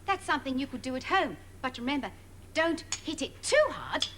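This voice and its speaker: Kids' TV presenter, high sing-song voice, condescending, barbed, noisy old TV audio. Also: female voice, very animated, brisk. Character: sugary sarcastic woman kids' TV presenter. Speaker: children's TV presenter in a sketch.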